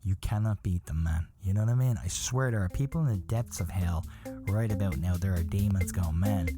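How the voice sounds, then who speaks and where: A man's voice: low-pitched, a little fast, over loud music. A man hosting a podcast, telling a story as a profane, exasperated comedic rant. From from outside the USA. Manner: profane, animated, exasperated rants. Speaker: podcast host.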